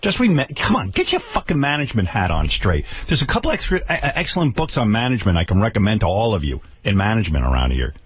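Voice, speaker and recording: A man's voice: on the low side, big pitch swings, fast talker, few pauses, husky, no echo. An older man hosting a radio show, ranting with profane sarcasm and stammered repeats. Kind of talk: angry on-air rant. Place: radio studio.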